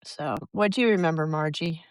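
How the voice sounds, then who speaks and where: An American woman in her sixties, a podcast guest telling rambling, animated stories and acting out the voices of people she quotes. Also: low-pitched, a little fast, clear, resonant tone, no room sound. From United States. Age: 60s. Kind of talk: casual storytelling.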